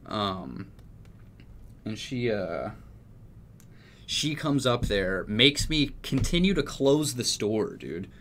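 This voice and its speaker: A man's voice: on the low side, very animated, slow pace, long pauses, fairly bright tone, a little hiss or hum. A young man from Texas telling a story in casual chat, rambling and swearing freely. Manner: profane, rambling, laid-back. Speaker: music producer.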